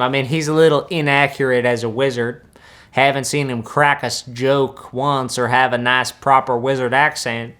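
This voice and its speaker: A man's voice: mid-range voice, a bit bright, lightly acted. A young man, playing a boastful country-boy wizard who reacts to films in a laid-back, rambling drawl full of folksy asides. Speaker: comedic film reactor. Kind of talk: deadpan comedic reaction.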